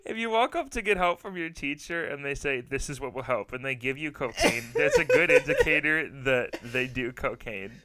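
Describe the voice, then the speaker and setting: A young man co-hosting a comedic podcast, trading deadpan jokes and breaking into laughter. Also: fairly high pitch, normal speed, few pauses. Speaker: podcast co-host.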